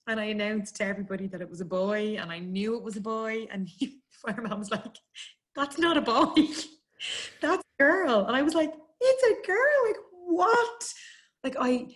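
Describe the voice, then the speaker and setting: Low-voiced Irish woman telling a story. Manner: chatty, emotional, quick to laugh. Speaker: guest. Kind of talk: casual personal storytelling.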